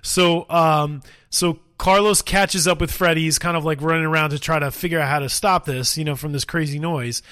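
A man's voice: fairly high pitch, steady tone, moderate pace, hardly any pauses, pushed and bright, clean tone, no room sound, studio quality. A man co-hosting a podcast, chatting casually and rambling through a story with lots of fillers and laughs. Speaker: podcast co-host. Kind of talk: casual chat.

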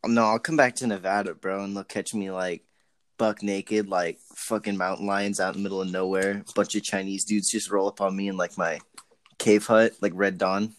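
A man's voice: deep voice, flat delivery, normal speed, no echo. A young man in casual chat, joking crudely and swearing a lot. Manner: crude jokey banter, heavy swearing.

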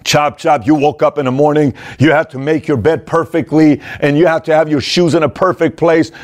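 A man's voice: on the high side, fairly even intonation, fairly quick, a little mellow. A middle-aged man hosting a show, talking casually and with energy, now and then acting out parents in raised voices. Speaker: host. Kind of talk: casual direct-to-camera talk.

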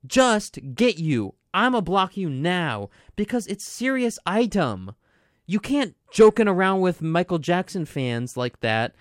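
A man's voice: high-pitched, very animated, no room sound, studio quality, pitched above the performer's own voice. Man doing an irate fan in broken English. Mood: outraged. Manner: indignant, rapid scolding. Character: furious devoted fan, broken English, shouting insults.

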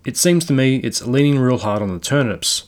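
A man's voice: mid-range voice, animated, normal speed, lightly acted. Fretful rustic landlord, a man reading him, plain storybook voice. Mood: worried. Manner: fretful country talk. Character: worried married village landlord, plain country man.

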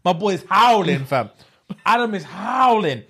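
A man's voice: high voice, unhurried, slightly rough. A young man telling a story in casual chat, acting out the voices of the people in it and using slang. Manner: animated, acts out voices in his stories, London slang.

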